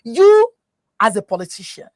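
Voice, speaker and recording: A woman with a Nigerian accent on a talk show, giving animated, preachy advice, switching into Yoruba and often asking "you understand?". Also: fairly high pitch, moderate pace, dry recording, clean studio sound. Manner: mixes English with Yoruba. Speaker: guest. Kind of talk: casual talk show chat.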